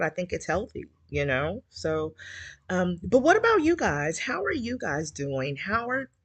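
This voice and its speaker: A woman's voice: deep voice, no echo. A woman hosting a casual chat with listeners, speaking candidly and emotionally, a little teary, with many fillers. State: slightly teary. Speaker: community group host.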